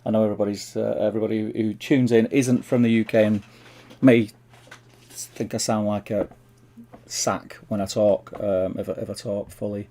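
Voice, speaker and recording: A man's voice: fairly low pitch, flat delivery, moderate pace, mellow. A man with a Mancunian accent hosting a casual livestream, rambling chattily and calling viewers "mate" as he reads out their comments. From Manchester, England. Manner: rambling, reads chat aloud, chummy "mate". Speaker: livestream host.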